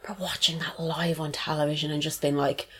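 Chatty woman, low voice. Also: little pitch movement, a little fast, a bit bright, breathy edge. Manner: chatty, swears freely, laughs often. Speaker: podcast co-host. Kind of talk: casual chat.

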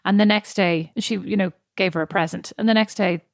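A woman's voice: medium pitch, steady tone, a little fast, no room sound, studio quality. A woman co-hosting a podcast in casual chat, often acting out remarks people made. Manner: chatty, acts out quoted remarks. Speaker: podcast co-host.

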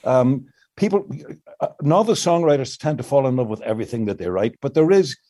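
Older guy songwriter talking shop, warm mellow tone, lots of restarts. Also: medium pitch, lively intonation, a little fast. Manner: explains at length with many restarts, sings fragments to illustrate. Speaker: songwriter guest. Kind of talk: reflective interview answers.

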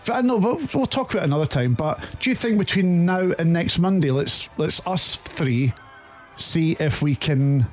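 A man's voice: on the high side, expressive, soft background music. A Scottish man co-hosting a football podcast, telling long stories in a chatty, rambling way. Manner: chatty storyteller, drawn-out retelling. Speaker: podcast co-host. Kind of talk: casual chat.

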